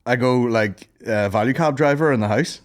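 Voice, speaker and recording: A man's voice: medium pitch, normal speed. A man with a Northern Irish accent co-hosting a podcast, joking crudely and slipping into mock voices. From Northern Ireland. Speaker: podcast co-host. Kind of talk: casual banter.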